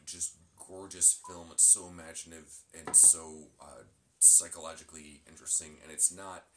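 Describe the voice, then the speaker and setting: A man's voice: very deep voice, normal speed, background noise. A man co-hosting a casual podcast chat, rambling along with lots of fillers and restarts. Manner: rambling with many fillers, animated. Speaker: podcast co-host.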